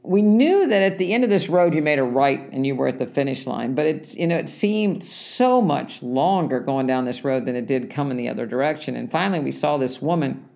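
A man casually telling a story about a race, rambling and halting, often restarting his sentences. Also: medium pitch, expressive, vocal fry, a little mellow. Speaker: runner recounting a race.

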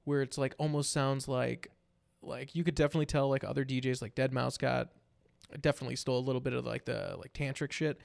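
Excitable young man with a gravelly voice. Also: medium pitch, fast talker. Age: 20s. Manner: animated storyteller, swears freely, many "like" fillers. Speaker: podcast host. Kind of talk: casual chat.

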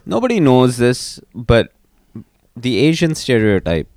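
A man's voice: mid-range voice, wildly swooping pitch, a little slow, darkish tone, no echo, clean studio sound. A man co-hosting a casual comedic podcast, riffing on cartoon gags and laughing often. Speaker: podcast co-host.

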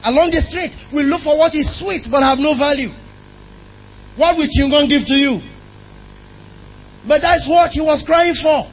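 A man's voice: extremely high pitch, moderate pace, long pauses, a bit bright, poor audio. A man preaching a sermon in an emphatic style, often asking the congregation questions.

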